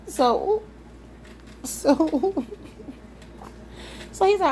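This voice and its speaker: Young woman w a highish voice, swearing, laughing thru her story, faint hum behind. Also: slow, pauses often. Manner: animated, profane, laughing often. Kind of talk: casual storytime.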